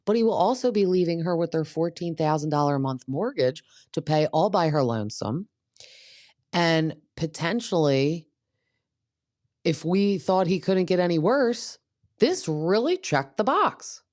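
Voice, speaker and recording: A woman's voice: fairly low pitch, sing-song, unhurried, a little mellow, dry recording, clean studio sound. A woman hosting a podcast, recapping a reality show in a chatty, gossipy way and acting out what the cast members said. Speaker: podcast host.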